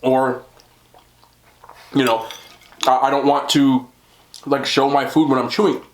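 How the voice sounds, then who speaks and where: A young man with a mid-pitched voice talks casually while he eats, chatty and easy, with frequent laughs and jokes at his own expense. The sound is roomy, as if he is recording in a room at home. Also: level tone, a little slow. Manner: chatty and self-deprecating, laughs often, talks while eating. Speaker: mukbang vlogger. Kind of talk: casual eating vlog chat.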